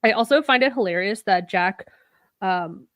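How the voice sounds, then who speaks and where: Speaking at a normal speed with a medium pitch and fairly bright tone, this podcast co-host chats casually through an episode recap. She swears casually and performs the characters' quoted lines, with no echo in the audio.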